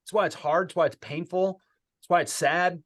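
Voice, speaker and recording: A man's voice: sits high, fairly even intonation, normal speed, a bit bright. A man who is a guest sales speaker on a video call, talking in a casual, reflective coaching way with repeated phrases.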